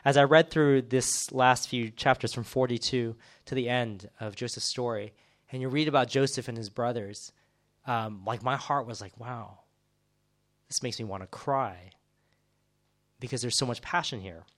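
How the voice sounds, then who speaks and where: A man teaching a bible passage casually, retelling it in an animated way with many acted quotes and fillers. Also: medium pitch, normal speed.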